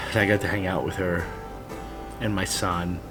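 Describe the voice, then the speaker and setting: With music underneath, a late-thirties dad who vlogs speaks a little slowly in a low voice that barely changes pitch. His monologue is heartfelt and personal, earnest advice for other fathers that turns blunt at times, with swearing.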